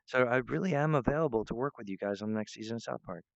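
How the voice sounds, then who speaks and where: A man's voice: medium pitch, racing, creaky, no room sound, lo-fi sound. A man rambling in a monologue to camera, meandering, restarting often and breaking off to apologize. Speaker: vlogger.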